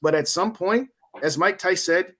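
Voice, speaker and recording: A man's voice: sits high, measured pace, a bit bright. A man in his forties co-hosting a casual sports podcast, giving long opinionated rants. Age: 40s. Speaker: podcast co-host.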